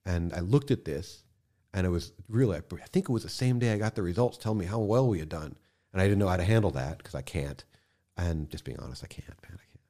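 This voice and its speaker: A man speaking as a podcast guest in casual conversation, impassioned, swearing freely and swinging from quiet to loud bursts. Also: deep voice, animated, quick pace.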